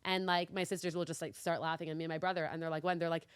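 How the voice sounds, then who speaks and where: A woman's voice: deep voice, level tone, racing, clear, resonant tone, dry recording. A woman born in Mexico, a podcast co-host, explaining ideas in casual chat with academic asides.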